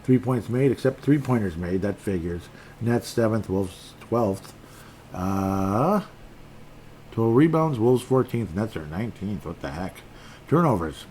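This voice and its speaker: A man's voice: lowish voice, expressive, a little slow, a little mellow, slight background noise. A middle-aged man hosting a casual sports podcast, rambling through stats with frustrated, self-deprecating asides. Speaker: podcast host.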